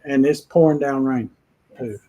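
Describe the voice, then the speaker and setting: A man's voice: mid-range voice, measured pace, dark tone, highs cut off. A man hosting a casual chat, telling long folksy stories in a rambling way. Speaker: host.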